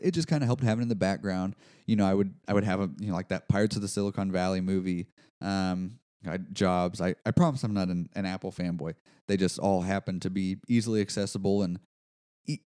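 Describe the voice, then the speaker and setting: A man with a low, mellow, clean-toned voice hosts a casual solo podcast monologue. He rambles and pokes fun at himself, with many fillers and restarts.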